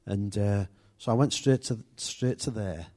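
This male preacher delivers an informal sermon casually, often starting sentences over and breaking off to speak to those present. He talks a little slowly in a slightly low voice with a darkish tone.

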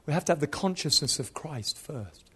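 High-voiced man in his fifties, a preacher delivering a sermon through animated, funny stories. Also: normal speed, husky. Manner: animated, humorous storytelling. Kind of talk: storytelling sermon.

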